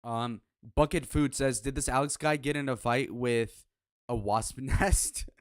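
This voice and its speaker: A man's voice: medium pitch, fairly even intonation, a little slow, no room sound, studio quality. A man hosting a live reaction stream, talking in a brash, crude, mocking way. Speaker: livestream reaction host. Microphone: headphones on, desk mic.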